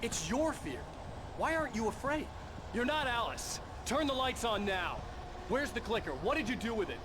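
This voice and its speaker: A man's voice: very high voice, big pitch swings, normal speed. A man voicing a frightened, paranoid writer in a game, tense and demanding. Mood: alarmed. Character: frightened paranoid male writer in his thirties. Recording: game audio with noise.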